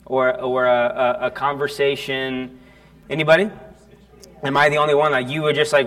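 A male pastor preaches a storytelling sermon in church, speaking casually in a mid-range voice with flat delivery and a fairly bright tone. He halts and restarts often and keeps asking the congregation questions.

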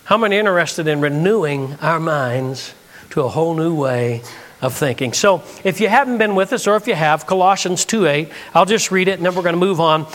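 A man's voice: a little high, lively intonation, a little fast, fairly bright tone, long reverb tail. A man preaching a sermon from the United States, telling a story and acting out the dialogue.

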